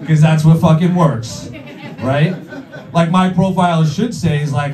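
Young guy doing standup, kinda high voice, crude and rambly, echoey club sound from far off. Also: a little slow, darkish tone. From Long Island, New York. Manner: crude, rambling, lots of likes and ums. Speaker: stand-up comic. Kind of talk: stand-up routine. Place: comedy club stage. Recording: roomy club sound, heard from a distance.

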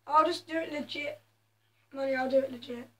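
A woman's voice: high-pitched, steady tone, brisk. A woman chatting over her own gameplay, mocking her own skill and breaking into sudden exclamations. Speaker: gaming video host. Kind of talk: casual gameplay commentary.

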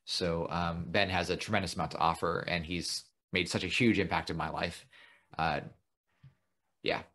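A man's voice: low voice, fairly even intonation, normal speed, bright, forceful tone. A man hosting a podcast, chatting casually and praising his guest with enthusiasm. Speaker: podcast host. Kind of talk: casual interview talk.

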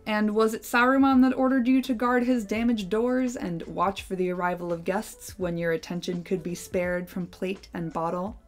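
A woman's voice: mid-range voice, fairly even intonation, normal speed, few pauses, soft background music, lightly acted. A dry, amused old wizard from a storybook, posing a wry question with mild mockery, as a woman reading aloud puts him on. He is over 60 and speaks evenly.

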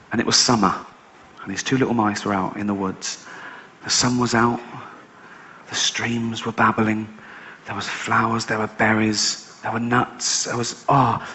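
A man's voice: mid-range voice, a bit bright, highs cut off. Sardonic male stand-up comic. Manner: sardonic storytelling with casual swearing. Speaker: stand-up comedian. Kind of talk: stand-up routine. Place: live stage show.

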